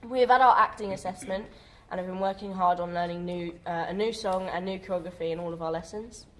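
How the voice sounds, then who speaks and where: A woman's voice: on the low side, fast talker, fairly bright tone. A woman drama student talking casually in a group discussion, chatty and full of fillers.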